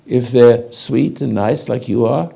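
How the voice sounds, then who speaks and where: An older man giving a slow, halting spiritual lecture, speaking directly to a listener in a commanding way. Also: mid-range voice, creaky, dark tone. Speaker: spiritual teacher.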